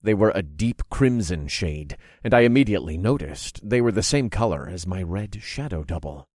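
A man narrating a fantasy audiobook in the first person, expressive and acting out his own reactions. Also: deep voice, moderate pace, dry recording, clean studio sound. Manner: expressive, groaning and cursing in character.

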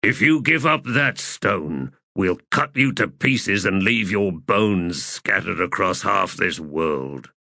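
A man's voice: deep voice, expressive, slow pace, gravelly, hardly any pauses, pushed and bright, dry recording, clean studio sound, exaggerated voice. A man voicing a blunt, plain-spoken soldier in an audiobook.

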